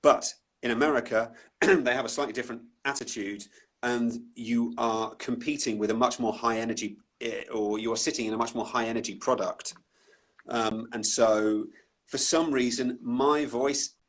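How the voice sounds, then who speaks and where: Husky-voiced man in easy conversation. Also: mid-range voice, fairly even intonation, measured pace. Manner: thoughtful, self-deprecating, trailing restarts. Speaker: voice-over artist, guest. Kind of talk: relaxed conversational interview. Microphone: online live video call.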